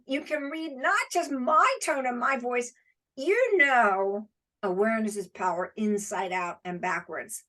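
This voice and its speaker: A woman's voice: on the high side, fairly bright tone. A woman presenting an award over a video call, giving effusive praise with emphatic repetition.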